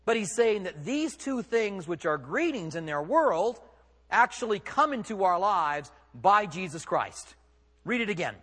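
Husky high-voiced pastor preaching in a hall. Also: male voice, sing-song, a little slow, fairly bright tone. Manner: emphatic, conversational preaching with rhetorical questions. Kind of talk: sermon.

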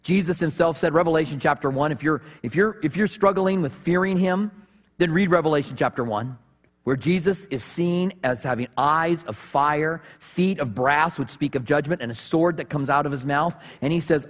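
Male pastor, high voice, animated storytelling sermon, long hall reverb. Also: normal speed. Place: church sanctuary.

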